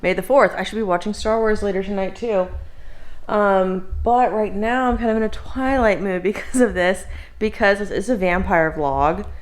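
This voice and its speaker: A woman's voice: medium pitch, normal speed. A young woman in casual, chatty conversation at home as a book vlogger, often using "like" and "um". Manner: chatty, peppered with "like" and "um". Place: at home indoors.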